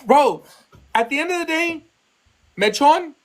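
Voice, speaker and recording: A woman's voice: sits high, lively intonation, a little slow. A woman from Texas, hosting a live call and defending herself, repeating points and talking over the other speaker. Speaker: live stream host. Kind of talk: heated argument on a live call.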